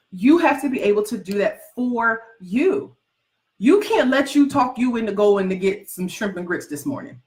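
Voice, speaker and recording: A woman coaching aspiring book writers in a motivational talk to a live audience, emphatic and repetitive, teasing her listeners and calling them "baby". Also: on the high side. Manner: folksy, calls listeners "baby".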